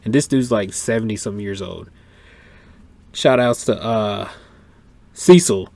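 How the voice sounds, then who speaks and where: A man's voice: lowish voice, a little slow, gravelly, no echo. Dry-voiced man telling stories. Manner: animated, swears freely, acts out quotes. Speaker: podcast host. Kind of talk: casual chat, storytelling.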